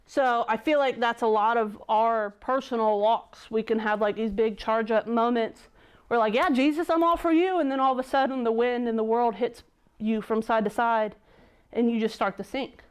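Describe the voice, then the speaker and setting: Brief: young woman youth leader, chatty sermon, smooth clear voice sitting a bit high. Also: steady tone, normal speed. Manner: chatty, conversational, many "like" fillers. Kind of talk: casual youth sermon with scripture reading.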